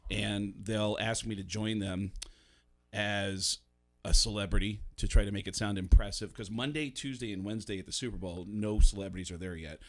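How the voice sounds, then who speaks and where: A man from the Bronx, a comedian and voice actor, telling stories as a radio guest in a lively way, slipping into voices. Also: lowish voice, normal speed. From the Bronx, New York. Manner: animated storyteller, slips into voices. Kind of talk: casual radio interview storytelling.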